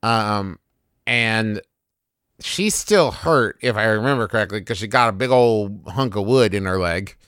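A man thinks aloud about his next move in a tabletop game. He hesitates often and pads his talk with fillers. His tone is bright and the sound is dry. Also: lowish voice, measured pace, clean tone, no echo. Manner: hesitant, musing. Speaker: player.

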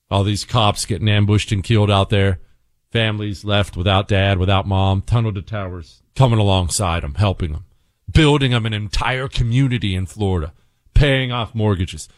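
A man's voice: on the low side, no echo, clean studio sound. A young adult man hosting a talk radio show, ranting emphatically and sarcastically in repeated punchy lines. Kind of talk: opinionated talk radio monologue.

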